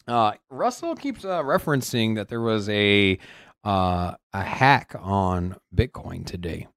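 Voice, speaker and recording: A man co-hosting a casual podcast, talking in an animated way with many halting restarts. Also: fairly low pitch, clean tone, no echo, clean studio sound. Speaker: podcast co-host.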